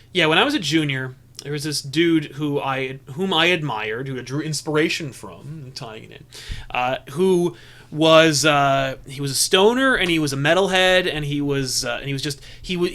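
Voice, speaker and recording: A man's voice: fairly high pitch, bright, forceful tone. A young adult man co-hosting a podcast, telling a rambling story full of restarts in casual chat. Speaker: podcast co-host.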